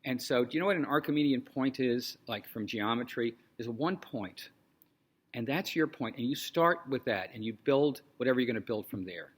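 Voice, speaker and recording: A man in a rabbi's role, teaching in a loose, chatty way. His pitch sits in the middle, and he keeps adding "um" and "you know" as he retells an old story. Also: normal speed, slightly rough. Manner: conversational, animated retelling with many fillers. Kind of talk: informal teaching talk.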